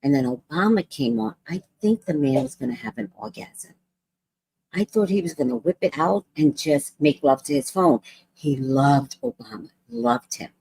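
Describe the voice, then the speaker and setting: A woman hosting a casual livestream, telling an animated story and acting out other people's lines in voices. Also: deep voice, normal speed, creaky, slightly rough. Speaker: vlog host.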